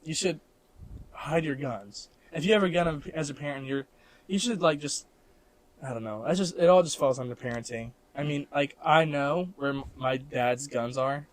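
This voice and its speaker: A man's voice: fairly high pitch, normal speed, dry recording. A young man from Missouri in the Midwest, co-hosting a casual podcast chat, rambling with lots of "like" and restarts and laughing often. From Missouri, American Midwest. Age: young adult. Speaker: podcast co-host.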